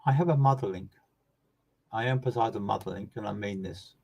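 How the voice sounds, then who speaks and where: A man, a medium giving live readings and speaking to viewers by name. He is earnest and emphatic, repeats words for stress, and swings from loud bursts down to soft low asides. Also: brisk, vocal fry, husky, dull audio.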